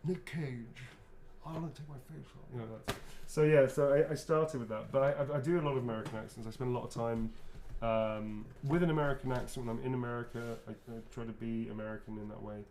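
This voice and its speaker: A man's voice: medium pitch, steady tone, fast, few pauses, a little mellow. Chatty man rambling through a fan Q&A. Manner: rambling, self-correcting, chatty. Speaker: voice actor answering fan questions. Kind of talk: casual live Q&A while signing autographs.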